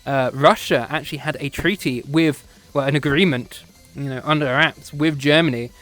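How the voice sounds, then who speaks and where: British man, slightly high voice; loose, digressive lecturer who laughs at himself; soft music underneath. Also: fairly even intonation, moderate pace. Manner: rambling, digressive, laughs often, self-correcting. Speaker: streamer teaching history. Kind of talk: casual off-the-cuff history lecture. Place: home streaming setup, VR chat session.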